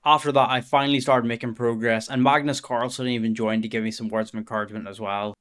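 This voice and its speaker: A man's voice: fairly low pitch, level tone, quick pace. A young man streaming, bantering with his chat, swearing and muttering to himself between voice-over lines. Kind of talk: casual stream commentary with voice-over.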